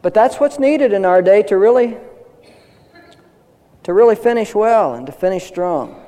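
A man's voice: sits high, lively intonation, normal speed, mellow, big-room sound, rough recording. An older man preaching a sermon in an earnest way, building up to emphatic declarations. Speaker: pastor.

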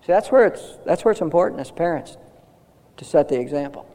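A man's voice: fairly high pitch, lively intonation, a little fast, mellow, big-room sound, poor audio. An older man preaching a sermon in an earnest way, building up to emphatic declarations. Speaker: pastor.

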